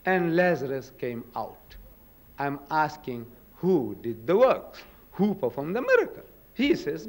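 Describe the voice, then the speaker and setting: An older man giving a religious lecture at a podium in a hall, dramatic, with booming quotes and rhetorical questions. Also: sing-song, unhurried.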